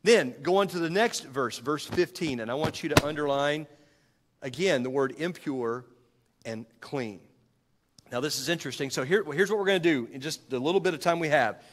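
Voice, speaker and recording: A man's voice: on the high side, normal speed, slight background noise. A man preaching a sermon to his congregation in a conversational way, stopping to correct himself and asking the room questions. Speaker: pastor. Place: church sanctuary. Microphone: handheld microphone. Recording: long hall reverb.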